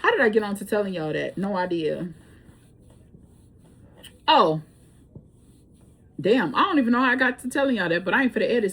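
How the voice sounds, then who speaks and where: A woman's voice: medium pitch, a little hiss or hum. A woman tarot reader chatting casually to camera, telling stories with loose laughs and the odd swear word.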